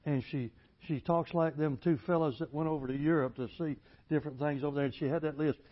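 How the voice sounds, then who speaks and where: A man preaching a folksy storytelling sermon, plainspoken and building to loud, emphatic passages. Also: fairly high pitch, fairly even intonation, fast talker. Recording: dull lo-fi recording.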